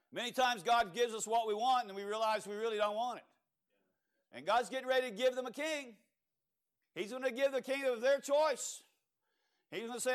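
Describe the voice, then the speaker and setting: A Cajun preacher with a notably high voice for a man. He delivers his sermon in a storytelling way, pauses on fillers and restarts, and keeps asking the congregation whether they agree. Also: clear, resonant tone. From Louisiana. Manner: storytelling with rhetorical questions to the congregation and frequent fillers.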